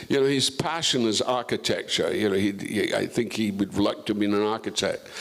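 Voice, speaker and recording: An older man, a guest actor on a festival stage, telling career stories in a rambling way, full of restarts and asides. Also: on the low side. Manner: rambling, full of restarts and "you know", acting out quoted voices. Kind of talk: relaxed career storytelling on stage.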